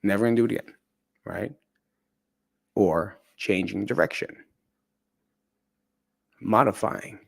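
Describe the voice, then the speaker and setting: Low-voiced man telling a candid story. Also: gravelly, breathy edge. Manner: candid, profane, conversational. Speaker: podcast speaker. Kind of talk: personal storytelling.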